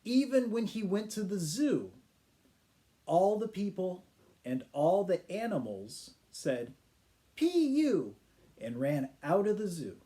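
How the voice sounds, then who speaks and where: Brief: man teacher reading a funny tale slowly, mellow and warm, with playful sound effects. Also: high voice, big pitch swings. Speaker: English teacher. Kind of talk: children's storytelling for English learners.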